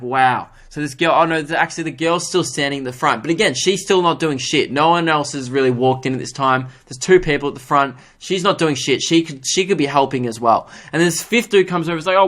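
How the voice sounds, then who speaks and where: A young man hosting a casual solo podcast, telling stories in a fairly high voice. He is animated and self-mocking, swears freely, and pops up even higher to mimic the people in his story. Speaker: podcast host.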